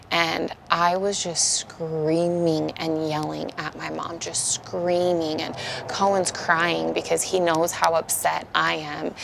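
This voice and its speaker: A woman's voice: low-pitched, creaky, a little hiss or hum. A woman in her thirties giving a candid, emotional personal testimony as a speaker at a support meeting.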